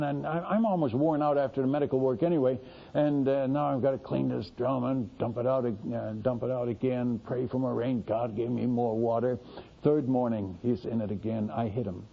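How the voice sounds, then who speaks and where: Gravelly older man telling a sermon story. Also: mid-range voice. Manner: folksy, animated, exclaiming asides to the audience. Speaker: missionary preacher. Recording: dull lo-fi recording.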